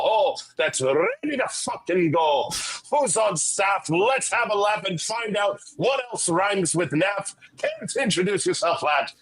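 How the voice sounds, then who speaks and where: A man's voice: high voice, a bit bright, poor audio. A man hosting a film podcast, delivering a theatrical rhyming intro in a put-on Scottish accent and swearing freely. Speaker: podcast host. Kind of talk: playful podcast intro banter.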